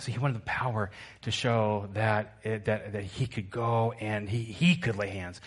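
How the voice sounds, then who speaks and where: A man's voice: fairly low pitch, flat delivery, a little slow, pauses often. A male pastor preaching a sermon to his church, emphatic and repetitive, asking the congregation to answer back.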